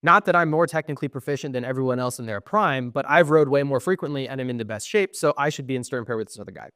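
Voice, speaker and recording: Fast and mid-range, this young man's voice comes through clean studio sound without echo. He's co-hosting a podcast, telling a long, lively story in casual chat, voicing the quoted exchanges, peppering it with ums, and swearing when frustrated.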